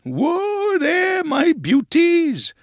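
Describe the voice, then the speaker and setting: A man voicing an eccentric, sly old grandfather who shouts to imaginary horses. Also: fairly high pitch, sing-song, slow, gravelly, dry recording, clean studio sound, pitched above the performer's own voice, exaggerated voice. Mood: rousing. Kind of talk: dramatic story reading.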